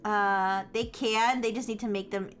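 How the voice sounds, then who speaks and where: A woman streamer chatting casually to her viewers, rambling with lots of filler words and quick laughs. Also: medium pitch, fairly even intonation, a bit bright, soft background music. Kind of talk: casual live-stream chat.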